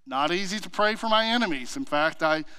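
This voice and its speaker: A man's voice: high-pitched, expressive, a little fast, bright, forceful tone, clean tone, no echo. A man teaching a church Bible class in a conversational way, asking himself questions and retelling stories with animation.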